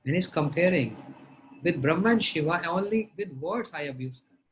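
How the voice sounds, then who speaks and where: A man who is a religious teacher, telling a sermon story and often clearing his throat. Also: a little high, lively intonation, moderate pace, slight background noise. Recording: dull lo-fi audio.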